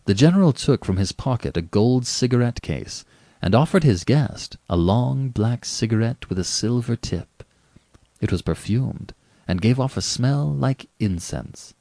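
A man narrating a story aloud in an expressive, varied delivery. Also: mid-range voice, a little slow, gravelly, dry recording, clean studio sound. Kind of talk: audiobook reading.

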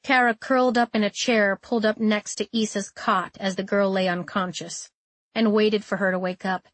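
A woman reading a novel aloud as narrator, in a steady, measured way. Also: medium pitch, dry recording. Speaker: audiobook narrator. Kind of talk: scripted narration.

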